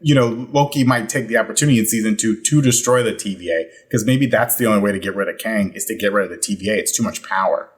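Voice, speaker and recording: A man co-hosting a casual panel chat, jokey and chatty with animated asides. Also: on the low side, quick pace, hardly any pauses. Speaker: co-host.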